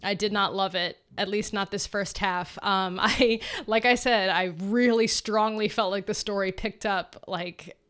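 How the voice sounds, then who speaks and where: Brief: chatty female podcast co-host, bright and forceful tone, teasing, talking books over a video call. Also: medium pitch, steady tone, measured pace, hardly any pauses, smooth. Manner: chatty, teasing, laughs easily. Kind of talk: casual book discussion.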